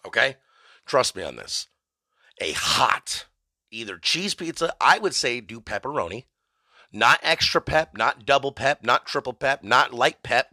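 A male podcast host delivering a rambling, mock-ranting comedic monologue, profane and deadpan absurd. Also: mid-range voice, dry recording, clean studio sound.

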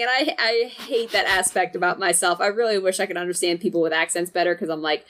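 A woman's voice: mid-range voice, fast, hardly any pauses, fairly bright tone. A woman telling a rambling, profane story in casual conversation, laughing often. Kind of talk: casual chat.

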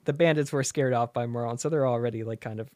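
Man, casual storytelling, animated, laughs a lot, dry close sound. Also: medium pitch, fast, no room sound. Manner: animated, laughs often, acts out characters. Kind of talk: casual chat retelling a story.

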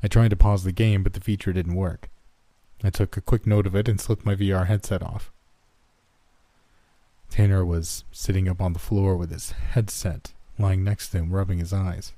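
A man reads a horror story aloud in the first person at a steady pace. His voice is low and very dark, and the recording is dry and close with no room sound. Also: normal speed, no echo. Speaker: narrator. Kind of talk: scripted horror story narration.

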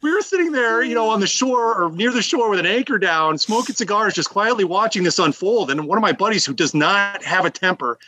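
A man's voice: high-pitched, fairly quick, few pauses, no room sound. A man who is a guest on a casual podcast, telling fishing stories and laughing a lot. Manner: animated, laughing anecdote-teller. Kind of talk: casual chat.

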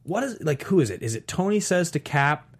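A man talking in a casual podcast chat, enthusiastic and rambling, full of fillers and quick laughs. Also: fairly high pitch, big pitch swings, slightly rough. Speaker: podcast co-host.

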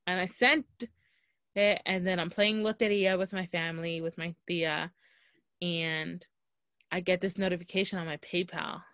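A woman's voice: on the low side, steady tone, normal speed, fairly bright tone, dry recording, clean studio sound. A woman co-hosting a podcast, telling a story in casual chat and quoting herself and others with lots of "like". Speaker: podcast co-host.

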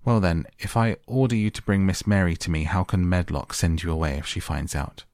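A man's voice: deep voice, fairly even intonation, a little fast, a little mellow, no room sound, studio quality. A man voicing a spoiled, demanding sickly boy who gives orders grandly in a storybook reading. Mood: imperious. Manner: commanding, grand.

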